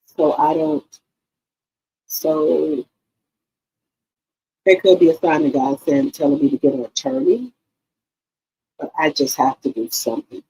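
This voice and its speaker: A woman's voice: sits low, a little slow, pauses often, dark tone, slight background noise, poor audio. A woman hosting her own channel, talking to her viewers in an emotional, casual way and repeating herself often. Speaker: YouTube channel host. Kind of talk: casual heartfelt talk to viewers.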